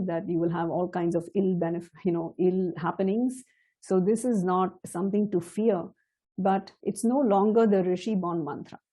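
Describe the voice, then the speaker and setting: A middle-aged woman teaching a chant, explaining slowly and carefully, now and then laughing softly. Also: medium pitch, husky. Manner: slow, measured and explanatory, with soft laughs. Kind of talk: spoken lesson with chanted demonstrations.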